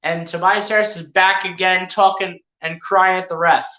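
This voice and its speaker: Bright, chatty play-by-play streamer in an echoey room. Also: medium pitch, fairly even intonation, moderate pace. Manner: chatty, addresses players and viewers directly, self-correcting. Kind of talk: casual live play-by-play commentary.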